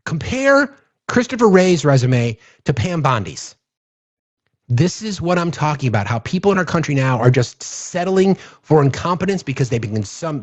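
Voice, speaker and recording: A man with a fairly high, slightly mellow voice hosts a political livestream. He rants angrily and with plenty of profanity, repeating himself often as he thanks his viewers.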